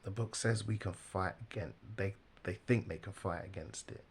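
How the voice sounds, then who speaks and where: A man giving casual, animated religious commentary, laughing often and mimicking the people he talks about. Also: low voice, moderate pace, vocal fry, breathy edge.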